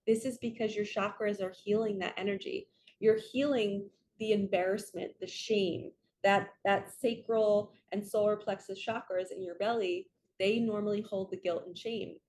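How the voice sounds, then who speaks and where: A woman's voice: medium pitch, moderate pace, slight background noise. A woman spiritual coach giving an earnest, chatty reading, often checking in with "right?" and acting out quotes in her stories. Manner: animated storytelling with acted quotes.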